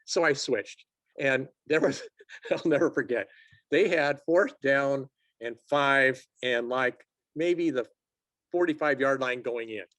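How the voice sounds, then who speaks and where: Taking it slowly in a medium-pitched voice, a man in his sixties recounts stories from his work assigning sports officials. The casual interview is recorded dry, and he animates his tales by acting out quotes in a raised voice.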